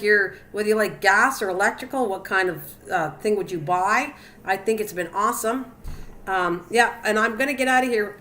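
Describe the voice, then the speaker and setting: A woman's voice: on the high side, pushed and bright. An older woman hosting a cooking live stream, chatting casually and teasing her viewers by name. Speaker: cooking channel host.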